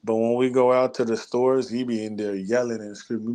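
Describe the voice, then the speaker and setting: A young man co-hosting a sports talk show, talking in a relaxed, casual way and laughing often. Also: mid-range voice, fairly quick, few pauses. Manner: laid-back, laughs often. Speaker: podcast co-host.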